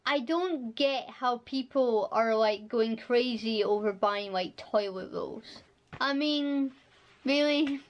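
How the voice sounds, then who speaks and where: A woman's voice: fairly high pitch, slow pace, muffled recording. A Scottish woman chatting casually in a home vlog, giggling often and bluntly teasing her dogs. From Scotland. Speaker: vlogger.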